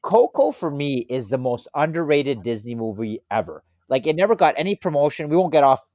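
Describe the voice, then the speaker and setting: A man in his thirties co-hosting a casual podcast chat, telling stories in a rambling, animated way. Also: a little high, a little fast, no echo, clean studio sound. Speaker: podcast co-host.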